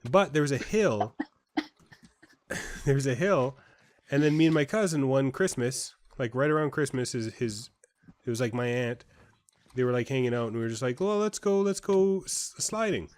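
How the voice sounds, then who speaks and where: A man's voice: medium pitch, normal speed, long pauses. Give me a chatty young man rambling through a story during a game. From Canada. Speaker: gaming co-host. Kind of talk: casual gameplay chat.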